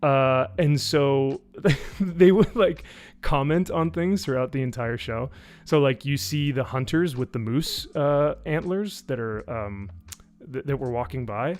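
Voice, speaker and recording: A man in a casual live-stream review, talking in a sarcastic, animated way with many fillers. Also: unhurried. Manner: animated, sarcastic, many fillers, mimics people with high voices. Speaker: YouTube reviewer.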